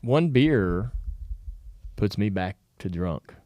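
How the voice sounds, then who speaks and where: Laid-back man, low voice. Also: slow pace, no room sound. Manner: drawling, storytelling with animated quoted voices. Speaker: co-host. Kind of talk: casual chat.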